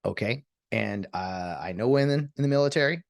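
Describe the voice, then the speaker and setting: A man's voice: fairly low pitch, lively intonation, normal speed, vocal fry, dry recording. Guy doing his solo podcast, rambly and sarcastic, voice swings way up and down, dry close mic. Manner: rambling, sarcastic, jumps between topics. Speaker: podcast host.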